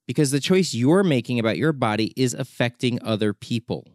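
Male documentary maker, heated monologue, mid-pitched, insistent repeats, dry close sound. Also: animated, brisk, darkish tone, no room sound. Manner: exasperated, urgent, repeats words for emphasis. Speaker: documentary filmmaker. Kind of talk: impassioned opinion monologue.

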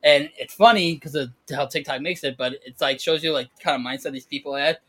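A man co-hosting a casual podcast, telling stories in a slangy, animated way full of fillers. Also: fairly high pitch, fairly quick. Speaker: podcast co-host. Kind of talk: casual chat.

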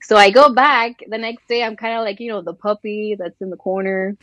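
A woman's voice: mid-range voice, brisk, no room sound, dull audio. A woman from Colombia, a guest sports journalist, chatting in an interview and acting out the voices in her stories. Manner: animated storyteller, acts out quoted voices. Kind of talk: casual interview chat.

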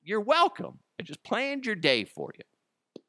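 Man, podcast host, solo rant, profane, lively swooping pitch, dead dry sound. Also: takes it slowly, no room sound. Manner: profane, ranting, laughs at himself.

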